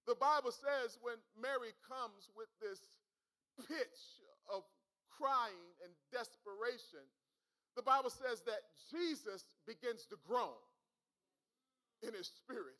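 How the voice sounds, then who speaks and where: A man preaching a sermon, swinging from quiet storytelling to shouted call-and-response. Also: extremely high pitch, slow.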